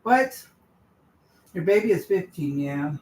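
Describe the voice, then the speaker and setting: A woman's voice: fairly low pitch, lively intonation, slow, a little mellow, slight background noise. Woman, 40s, livestream host, casual chat, rambling, trailing asides.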